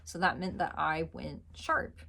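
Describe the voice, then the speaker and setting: A woman singing teacher explains sharp and flat pitch at a slow, patient pace. Her voice is bright and clear, and she breaks into sung notes to show what she means. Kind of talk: vocal lesson.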